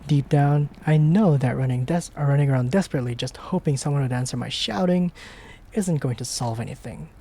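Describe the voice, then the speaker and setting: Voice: fairly quick, close to an everyday voice. A streamer reading game text aloud in character as a panicked young woman trapped in a burning building, stammering and crying out. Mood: desperate. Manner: frantic, stammering, breaking into high shouts and whispers.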